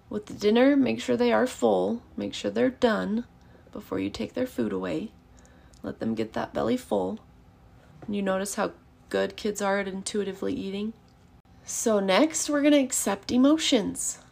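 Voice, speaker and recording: Gravelly-voiced woman teaching parenting. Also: fairly high pitch. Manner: earnest and encouraging, acts out calm parent phrases. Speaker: parenting educator. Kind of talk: casual teaching monologue.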